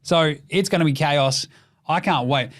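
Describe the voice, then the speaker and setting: An Australian man in his twenties or thirties talks through sports picks in a loose, swearing, joking style. His voice sits fairly high for a man and jumps around with quick asides and mock voices. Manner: fast, sweary, jokey, animated. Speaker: podcast host. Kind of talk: casual sports commentary.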